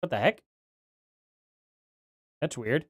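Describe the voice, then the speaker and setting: Chatty streamer with a lively, bouncing voice. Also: medium pitch, slow pace, breathy edge, no room sound, studio quality. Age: adult parent. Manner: rambling, self-correcting, chatty. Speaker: livestream host. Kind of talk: casual livestream chat reading donations.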